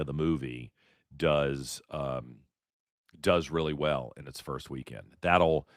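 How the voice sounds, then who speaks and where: A man's voice: low-pitched, no echo, clean studio sound. A man hosting a live political talk show, speaking in an opinionated, rambling, conversational way. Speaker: host.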